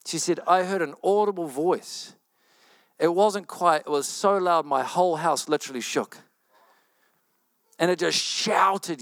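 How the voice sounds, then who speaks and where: With a fairly high voice and no echo, a pastor preaches a sermon built around an animated story. He often repeats phrases and hurries through the lines he quotes.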